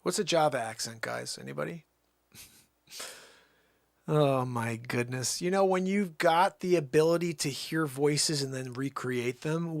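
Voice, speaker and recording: A man's voice: on the high side, measured pace, vocal fry, no room sound, studio quality. A man hosting a casual livestream, laughing and rambling between his impressions. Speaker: livestream host doing impressions.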